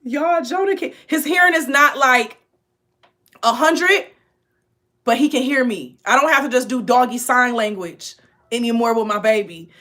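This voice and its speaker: A woman chatting casually to viewers on a live stream, emotional and animated, full of slang. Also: on the high side, normal speed. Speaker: spiritual reader hosting a live stream.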